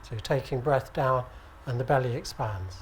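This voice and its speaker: A British man teaching at an acupuncture conference, speaking in a relaxed, conversational way and often checking with the audience. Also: mid-range voice, normal speed, slight background noise. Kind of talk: conference lecture. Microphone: handheld microphone.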